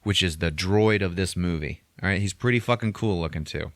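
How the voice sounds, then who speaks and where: Speaking low and briskly, this man sounds slightly bright, and the recording carries no room sound. As a podcast host, he gives a rambling, casual movie recap full of heavy profanity, acting out scenes as he goes.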